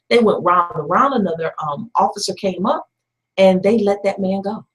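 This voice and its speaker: A woman's voice: medium pitch, moderate pace, low-quality recording. A woman hosting a call-in radio talk show, telling a story conversationally with lots of hesitations and pointed asides.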